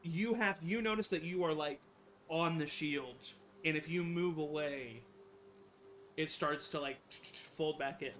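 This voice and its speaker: Male game master narrating a tabletop game, kinda high voice, lots of ums and restarts. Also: a bit bright, a little hiss or hum. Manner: halting, many fillers, self-correcting.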